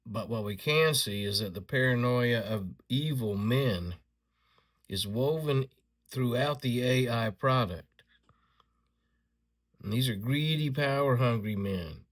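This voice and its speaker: A combative man delivering an angry, insulting rant to his audience. His voice is bright and cutting with a gravelly, creaky texture. He trips over himself and restarts when his indignation peaks. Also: lowish voice. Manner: halting restarts when agitated. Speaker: video creator. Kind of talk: angry ranting commentary.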